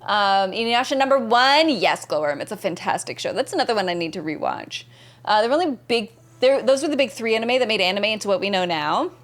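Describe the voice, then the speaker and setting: A woman's voice: mid-range voice, animated, brisk, a bit bright. A young adult woman streaming a game, casually chatting, greeting and thanking viewers by name and reading their messages aloud. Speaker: gaming streamer. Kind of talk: casual live-stream chat.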